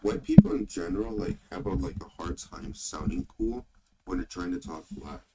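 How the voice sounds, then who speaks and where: A man in casual livestream chat who speaks haltingly, in hesitant fragments. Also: sits low, lively intonation, heavy background noise. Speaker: co-host on a livestream.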